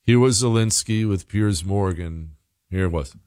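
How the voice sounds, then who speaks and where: This American political commentary host speaks in a low, darkish voice at a measured pace, delivering an opinionated monologue. He presses his points emphatically and repeats himself as he builds them. The studio recording is clean, with no room sound.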